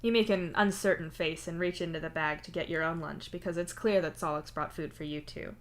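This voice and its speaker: Low-voiced woman reading a story. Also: fairly quick. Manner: even second-person narration. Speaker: fanfiction reader. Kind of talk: audiobook-style story reading.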